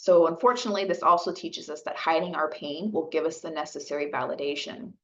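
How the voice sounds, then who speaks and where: Low-voiced woman giving a gentle talk, dull audio. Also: fast talker, slight background noise. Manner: gentle, conversational, frequent "right?" and "okay?" checks. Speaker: caregiver outreach specialist. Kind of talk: educational webinar talk.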